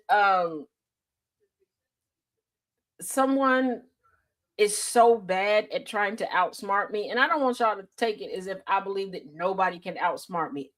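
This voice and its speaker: A woman hosting a casual chat show, talking candidly and laughing often. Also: medium pitch. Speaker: host.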